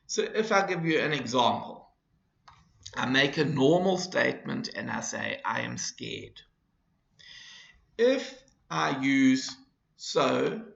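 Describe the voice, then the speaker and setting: A man with a gravelly voice teaches a grammar lesson at an unhurried pace, stressing each example. His pitch rises and falls a lot as he explains. The recording sounds dull and roomy. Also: fairly bright tone. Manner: slow, deliberate explanation with repeated examples. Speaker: English teacher.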